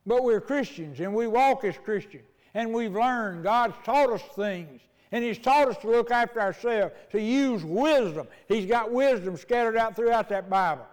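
An older male pastor delivers a sermon in a folksy, storytelling manner, his high-pitched voice echoing with a long, church-hall reverb. He is expressive, speaks at a normal speed, and hardly pauses.

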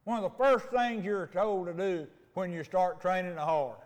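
An older man preaching a folksy sermon, telling homespun stories and slowing down for emphasis. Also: high voice, long reverb tail. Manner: homespun storytelling, slows for emphasis. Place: church sanctuary. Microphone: mic.

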